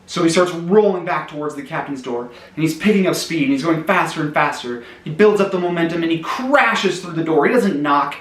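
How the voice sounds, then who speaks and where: Man telling a long deadpan joke. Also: a little high, a little fast, few pauses, echoey room, poor audio. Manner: deadpan mock-tragic narration, trailing quiet. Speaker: comedy storyteller. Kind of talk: rambling absurd joke storytelling.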